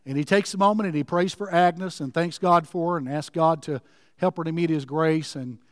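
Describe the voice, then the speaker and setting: A man preaching a sermon, earnestly telling a story and dropping to a hush at emotional moments. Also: a little high, moderate pace, dry recording, studio quality, long reverb tail.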